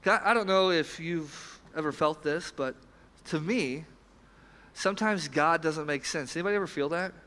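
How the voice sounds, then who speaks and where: A man preaching a sermon as pastor, earnest, swinging between loud emphasis and quiet, low passages. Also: normal speed. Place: church sanctuary. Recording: church hall with long reverb.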